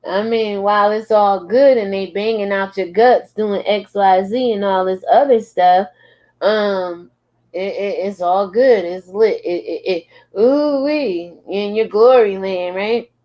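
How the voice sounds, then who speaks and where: A woman's voice: mid-range voice, lo-fi sound. A woman hosting a casual commentary show, reading posts aloud and reacting with frequent laughs. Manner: slow, drawling, laughs often. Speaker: commentary channel host.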